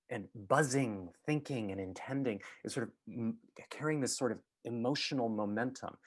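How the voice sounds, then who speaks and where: A mid-range male voice delivers a reflective guest talk. He speaks haltingly and thoughtfully, often restarting and using lots of filler words.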